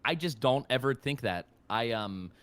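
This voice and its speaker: Self-deprecating man rambling with animated pitch. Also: moderate pace, smooth. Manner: rambling, self-deprecating, lots of fillers and restarts. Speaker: voice actor guest. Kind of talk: casual podcast chat.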